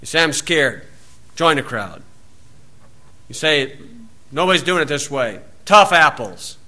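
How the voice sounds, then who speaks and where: A male preacher delivers a sermon in a bright, somewhat high voice. He tells homespun stories and acts out the people in them. He shouts the scripture quotes loudly. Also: very animated, a little slow.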